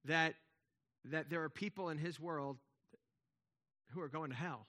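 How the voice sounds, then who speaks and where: A man's voice: fairly high pitch, a little slow, long pauses, pushed and bright. A man preaching a sermon in a conversational way, with emphatic swells and frequent restarts. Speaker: pastor.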